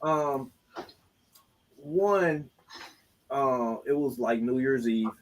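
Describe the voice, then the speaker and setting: A man's voice: medium pitch, extremely slow, background noise. A man co-hosting a podcast, telling a story in loose, joking, slangy talk. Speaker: podcast co-host. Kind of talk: casual chat.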